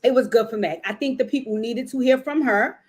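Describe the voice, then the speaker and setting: A woman's voice: on the high side, fairly quick, darkish tone, husky. A woman in casual vlog commentary, reviewing a documentary in a chatty, emotional way, repeating words for emphasis and cursing freely.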